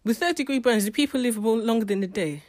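A woman's voice: on the high side, quick pace, a little mellow. A woman giving a casual spoken book review, chatty and emotional, often restarting her sentences.

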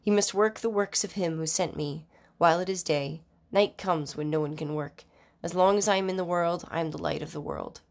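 A woman with a somewhat low voice reads scripture aloud. Her delivery is measured and formal, and she sometimes stumbles and restarts a word. It is an unhurried, plain recitation of scripture. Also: lively intonation. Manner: measured, formal reading with occasional slips and restarts. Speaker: scripture reader. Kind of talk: Bible reading aloud.

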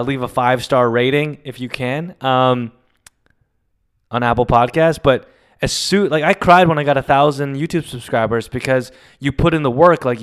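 Man, solo podcast host, confessional, rambling, emotional, smooth clear voice, mid pitch. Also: fairly bright tone. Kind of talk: casual solo podcast monologue.

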